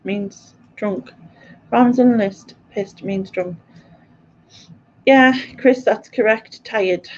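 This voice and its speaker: Slow, chatty British woman on a stream. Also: mid-range voice, slight background noise. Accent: British English. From Britain. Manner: chatty, laughs often, answers viewers' comments. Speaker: quiz host. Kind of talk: casual live-stream chat. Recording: dull lo-fi stream audio.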